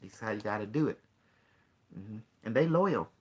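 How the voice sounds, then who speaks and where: A man's voice: on the low side, lively intonation, normal speed, husky. A man hosting a call-in show, talking casually in a rambling, boastful way. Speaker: show host.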